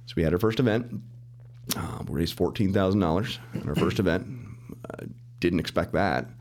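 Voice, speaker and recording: A middle-aged man, a mortgage lender, telling his story as a podcast guest in an animated way, acting out the dialogue and laughing as he goes. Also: deep voice, normal speed. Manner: animated storyteller, acts out quoted dialogue, restarts and laughs often. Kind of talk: casual storytelling interview.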